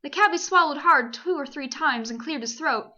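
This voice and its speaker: A woman from Canada reading a children's novel aloud in a lively, expressive way. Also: high-pitched, normal speed, highs cut off. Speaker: amateur audiobook reader. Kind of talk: storybook narration.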